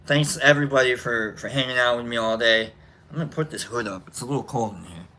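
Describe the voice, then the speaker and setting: A man's voice: medium pitch, fast talker, bright, forceful tone. A man hosting a casual livestream, rambling and joking with lots of fillers and restarts as he reads out names to say goodbye. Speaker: livestream host. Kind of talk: casual livestream sign-off reading chat names. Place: indoor room.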